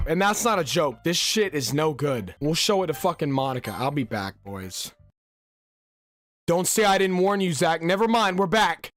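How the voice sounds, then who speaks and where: A young man reacting loudly to a horror game with lots of cursing and jumpy outbursts. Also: a little high, sing-song, moderate pace, no echo, soft background music. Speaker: gaming YouTuber. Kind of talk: horror game let's play.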